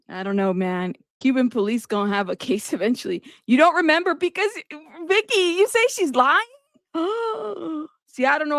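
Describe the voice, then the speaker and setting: A woman hosting a livestream, giving animated, exasperated commentary on a trial. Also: medium pitch, gravelly, dry recording, studio quality. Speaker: livestream host. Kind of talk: live commentary.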